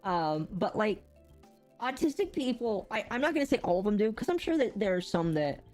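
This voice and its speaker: A young woman co-hosts a casual streamed podcast, talking in a rambling, halting way full of restarts. Her pitch sits in the middle range, and faint music plays beneath her voice. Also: big pitch swings, a little mellow. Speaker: podcast co-host.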